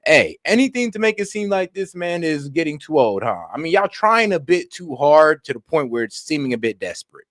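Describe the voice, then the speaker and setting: A man's voice: fairly high pitch, very animated, a little fast, few pauses, fairly bright tone, dry recording, clean studio sound. A man hosting a stream, reacting to news clips in blunt, slangy, casual talk aimed straight at his viewers.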